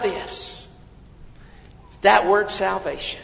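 A man preaching a sermon as pastor, swinging between loud, emphatic reading and quiet, intimate asides to his listeners. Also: on the high side, unhurried, vocal fry. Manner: addresses listeners as beloved. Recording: long hall reverb, dull lo-fi sound.

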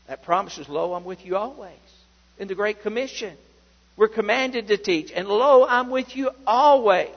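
A man preaching a sermon as pastor, fervent, swinging between loud exclamations and quiet, intimate asides. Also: high-pitched, gravelly. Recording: dull sound with long hall reverb.

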